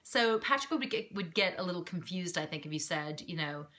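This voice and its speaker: A woman from North Carolina in the United States vlogs casually to camera as an expat mom, chatty, lively, and self-deprecating, with plenty of fillers. Her voice is on the low side and a little fast.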